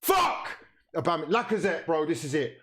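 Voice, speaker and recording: A man's voice: mid-range voice, big pitch swings, moderate pace. A man hosting a football watchalong, switching between mock play-by-play commentary and sweary, pleading outbursts at the match.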